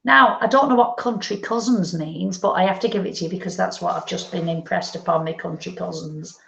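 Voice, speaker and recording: A woman medium giving a gentle, unhurried psychic reading, relaying messages. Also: lowish voice, gravelly. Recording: lo-fi echoey stream audio.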